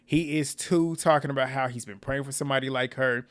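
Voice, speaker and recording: Male YouTube recapper, casual and outspoken, mid-pitched everyday voice. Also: fairly quick. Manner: blunt, animated, swears and laughs often. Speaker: reality TV recap host.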